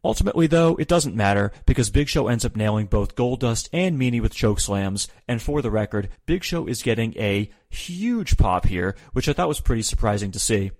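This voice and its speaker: A man's voice: medium pitch, lively intonation, fairly quick, few pauses, a little mellow, dry recording. A man hosting a podcast, recapping old wrestling shows from a script with sardonic, opinionated asides. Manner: sardonic, dry sarcasm.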